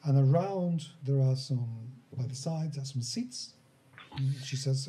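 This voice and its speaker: A man running a tabletop horror game, narrating scenes in an unhurried, descriptive way. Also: mid-range voice, animated, warm tone, slight background noise. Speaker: game master.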